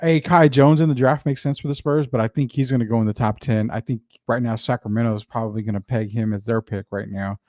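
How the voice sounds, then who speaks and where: A man hosting a casual sports talk show, chatting in a loose, drawn-out, questioning way. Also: mid-range voice, fairly even intonation, darkish tone, no echo, studio quality. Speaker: sports podcast host.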